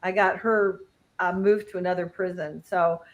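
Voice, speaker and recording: A woman guest on a video call, grateful and emotional, speaking in halting phrases. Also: on the low side, steady tone, poor audio.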